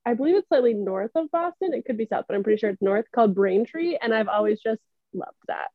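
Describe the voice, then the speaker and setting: A woman's voice: on the high side, expressive, fast, no room sound. Chatty New Hampshire woman, dull dry sound. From New England. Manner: chatty storyteller, laughs often. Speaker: podcast co-host. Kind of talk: casual chat.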